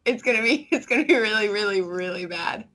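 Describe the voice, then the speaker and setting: A woman's voice: mid-range voice, animated, quick pace, pushed and bright. A woman guesting on a podcast, chatting animatedly and laughing easily. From Canada. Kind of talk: casual chat.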